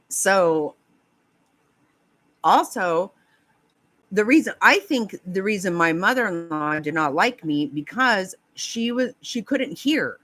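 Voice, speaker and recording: A woman's voice: mid-range voice, expressive, slow pace, pauses often, fairly bright tone, no room sound. A woman chatting casually with viewers on a live stream, laughing often, swearing and rambling in a flustered way.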